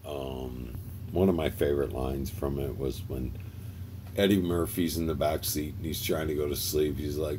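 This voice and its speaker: A man's voice: a bass voice, steady tone, moderate pace, background noise. An older man hosting a stream, chatting casually and rambling, laughing often and greeting viewers by name. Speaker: livestream host.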